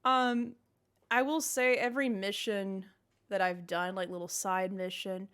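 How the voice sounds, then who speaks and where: A woman's voice: medium pitch, fairly even intonation, measured pace, fairly bright tone, smooth. A woman co-hosting a gaming podcast in casual chat, rambling and jokey as she drifts into tangents. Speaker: podcast co-host.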